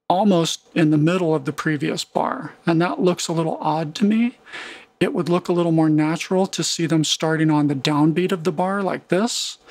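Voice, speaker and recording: A man teaching music production in a relaxed screen-recorded tutorial, humming rhythms to make his points. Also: on the high side, creaky, husky.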